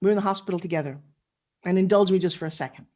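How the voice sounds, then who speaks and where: A woman's voice: on the low side, very fast, darkish tone. A middle-aged woman giving a motivational speech over a video call from her living room, moving between intimate storytelling and rallying the audience. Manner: earnest, intimate storytelling that builds to rallying cheers. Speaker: motivational speaker.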